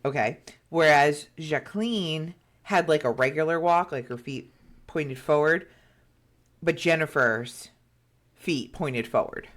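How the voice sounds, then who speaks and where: A woman co-hosting a podcast tells a story in a chatty, casual way, full of fillers and acted-out quotes. Her voice sits low and she speaks slowly.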